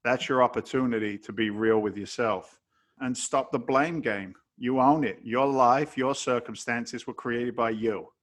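An emphatic man from England, talking as a guest on a podcast interview. He lays out his motivational views bluntly and preachily, with the odd swear word, at an ordinary speaking pitch. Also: steady tone, unhurried.

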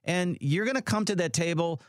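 A man's voice: sits high, brisk, no echo, studio quality. A man co-hosting a radio show, conversationally putting listeners' questions to the advisor.

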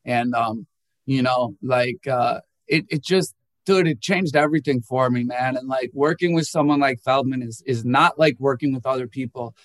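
A man's voice: normal speed, no echo. A young man, a musician guest, telling candid and emotional stories and acting out quoted people in a raised voice. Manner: animated storyteller who acts out quotes in a higher voice. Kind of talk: candid emotional interview talk.

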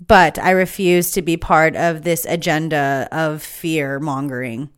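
A woman's voice: low voice, steady tone, measured pace, clean tone. A woman hosting her own podcast, giving an impassioned, emphatic spiritual monologue that is full of swearing. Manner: fired-up, emphatic, swears freely. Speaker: podcast host.

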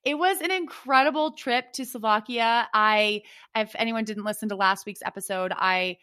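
A woman in her thirties, co-hosting a podcast and telling a rambling, animated story with many fillers. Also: fairly high pitch, normal speed, smooth. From United States. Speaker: podcast co-host and triathlete. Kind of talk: casual chat.

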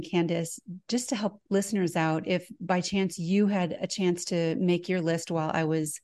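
A woman with a somewhat low, warm and mellow voice guides a listener through an exercise step by step. She explains calmly and conversationally, with plenty of casual fillers. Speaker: host giving an exercise. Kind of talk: guided instruction in a podcast conversation.

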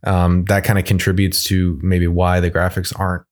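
Low-voiced guy rambling thoughtfully about a game, podcast chat. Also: completely flat delivery, moderate pace. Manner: thoughtful, meandering, hedging. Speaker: podcast co-host. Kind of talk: casual game review chat.

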